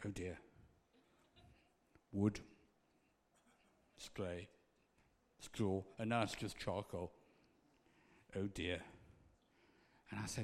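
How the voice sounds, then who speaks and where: A man's voice: deep voice, steady tone, very slow, pauses often, big-room sound. A man preaching a conversational sermon and acting out little scenes.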